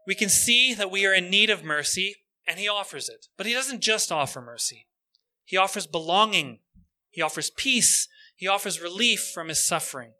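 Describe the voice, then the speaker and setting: Male preacher, earnest sermon storytelling, bright and ringing tone. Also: high-pitched, lively intonation. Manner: earnest, slows down for emphasis.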